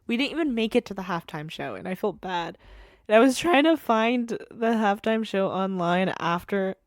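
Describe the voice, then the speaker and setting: A woman's voice: medium pitch, no room sound, clean studio sound. A woman hosting a casual solo podcast from home, rambling and giggling with self-deprecating asides. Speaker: podcast host. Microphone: podcast microphone.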